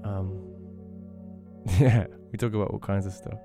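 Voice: low voice, fairly even intonation, unhurried, music in the background. A laid-back podcast host chatting casually in a rambling way with lots of fillers.

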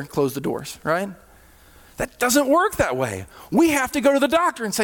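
A male pastor preaching a sermon, with sudden swells in volume and hushed, slowed drops. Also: very high-pitched, big pitch swings. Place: church hall. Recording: reverberant hall.

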